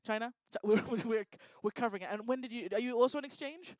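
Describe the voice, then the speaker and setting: A woman's slightly high voice, fast and a little mellow, comes through with no echo. She is the host of a live event, doing stand-up style crowd work from a lecture hall stage as she teases the audience.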